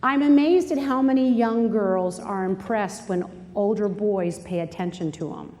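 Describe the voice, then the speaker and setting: A middle-aged woman giving a lively Bible study talk to an audience, dramatic and jumping into high, shrieking quoted voices. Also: normal speed. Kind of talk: animated teaching talk to a live audience. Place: large hall before an audience. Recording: live hall recording with long reverb.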